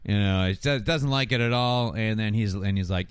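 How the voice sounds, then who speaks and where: A man's voice: on the low side, brisk, clean tone, no echo. A man in casual chat, recapping a TV episode and acting out the characters' lines in shifting voices. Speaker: podcast host recapping an episode.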